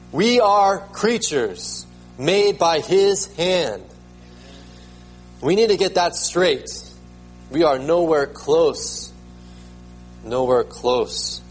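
A man's voice: a little high, rough recording. A man preaching a sermon as pastor, emphatic, repeating words and rising sharply when he proclaims them.

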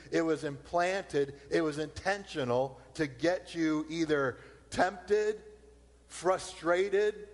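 A man preaching a sermon, slowing down to repeat his key points. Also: a little high. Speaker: pastor. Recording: long hall reverb.

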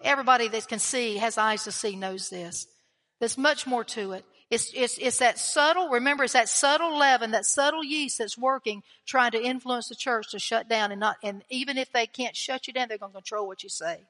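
A woman delivers a sermon in a high, bright voice, emphatic and conversational, throwing questions out to her listeners. Her words ring out with a long reverb, as if she is speaking in a large church sanctuary. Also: a little fast. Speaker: preacher.

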